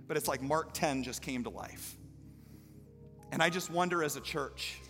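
A man preaching a sermon as a pastor, moving from storytelling to loud, impassioned calls to the congregation. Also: fairly high pitch. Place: church sanctuary. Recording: live hall reverb with faint music.

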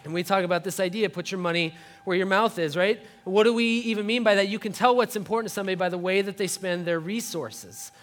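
A male pastor in his thirties, preaching a sermon in a church and telling a family story with animated delivery, acting out shouts and little voices. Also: high voice, fast, few pauses. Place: church sanctuary.

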